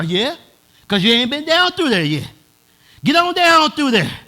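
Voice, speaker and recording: High-voiced pastor man preaching, aave, gets shouty, real bright tone. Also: big pitch swings, moderate pace. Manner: preaching in a dialect, swelling to shouts. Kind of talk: sermon.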